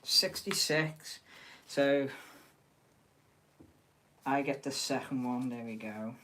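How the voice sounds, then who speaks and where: A man's voice: medium pitch, steady tone, slow. A man with a Liverpool accent hosting a live stream, chatting and bantering casually with viewers in the chat. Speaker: livestream host.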